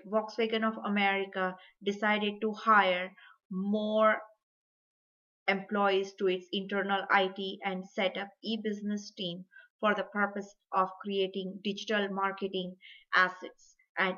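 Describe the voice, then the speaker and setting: A woman student presenting a case study, reading carefully and measured. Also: medium pitch, flat delivery, a bit bright, lo-fi sound.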